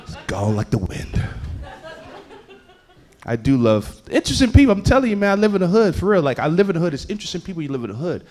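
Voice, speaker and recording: A stand-up comedian from Houston, Texas, telling animated stories on a comedy club stage and acting out the people in them. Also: male voice, high voice, very fast, hardly any pauses. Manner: animated storytelling with acted-out voices.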